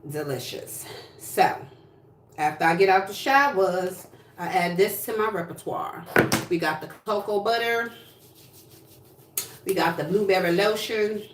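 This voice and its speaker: Livestreaming from an echoey room at home, a New Jersey woman talks casually, sassy and blunt with lots of swearing. Her medium-pitched voice is a little slow with frequent pauses, and she sits far from the mic with slight hiss or hum.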